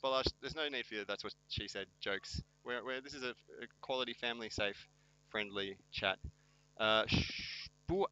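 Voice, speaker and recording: A man calls a local football game with a very bright, forceful voice. He pokes fun at himself and his co-host in a wry, self-mocking way while following the play. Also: medium pitch, moderate pace, clean tone, highs cut off. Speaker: match commentator. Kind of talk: joking amateur sports commentary.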